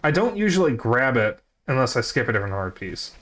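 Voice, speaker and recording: A man's voice: mid-range voice, big pitch swings, brisk, a bit bright. A man streaming a video game, chatting casually and jokingly to his viewers as he plays. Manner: rambling, jokey, talks to chat. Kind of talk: casual live-stream commentary.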